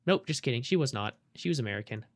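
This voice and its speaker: Young man, game streamer, casual chat, loose and profane, mid-pitched voice. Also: lively intonation, fast talker. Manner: loose, swearing, chatting with viewers. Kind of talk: casual live-stream chat while gaming.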